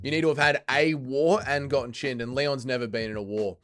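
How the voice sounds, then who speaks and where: A man's voice: mid-range voice, steady tone, a little fast, fairly bright tone. A man hosting a casual livestream, reading chat aloud and bantering with it, swearing and exasperated.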